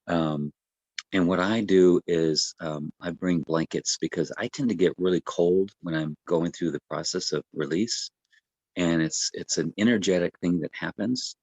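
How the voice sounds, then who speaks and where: A man, a breathwork coach, explaining the practice in a gentle, unhurried way with many fillers and restarts. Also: sits low, no echo, muffled recording. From United States. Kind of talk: casual explanatory talk.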